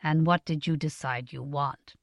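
A woman voicing a prosperous middle-aged merchant father who speaks bluntly and asks brisk questions, in a storybook reading. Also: low-pitched, steady tone, no room sound, clean studio sound, voice pushed down. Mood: gruff, blunt.

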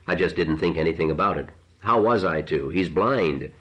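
A tired, curt wife and mother from a read-aloud novel, as a male narrator puts her on. She speaks heavily, in a very low register. The sound is dull and lo-fi. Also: expressive, normal speed, breathy edge. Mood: heavy. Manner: heavy, curt. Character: weary, sharp-tongued middle-aged wife and mother. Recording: dull lo-fi recording.

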